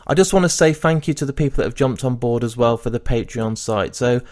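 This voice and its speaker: A man's voice: mid-range voice, a little fast, darkish tone. Enthusiastic male podcast host. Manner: enthusiastic, effusive. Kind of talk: interview and outro talk.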